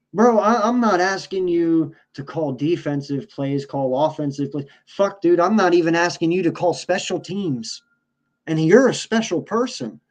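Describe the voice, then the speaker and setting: A man's voice: a little high, darkish tone. A man co-hosting a sports podcast, ranting in a heated, profane, casual way. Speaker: podcast co-host.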